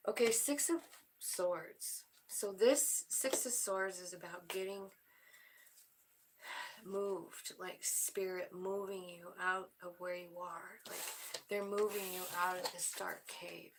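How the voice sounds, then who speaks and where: A woman giving a spiritual tarot reading, soft-spoken and emotional, often dropping to a whisper. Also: on the low side, fairly even intonation, slow pace, noisy background. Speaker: tarot reader.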